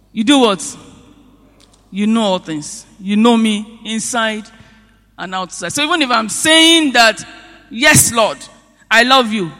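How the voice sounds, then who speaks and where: A man's voice: high voice, a bit bright. A man preaching a sermon, retelling a story with rhetorical questions and sudden rises in emphasis. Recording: long reverb of a large hall.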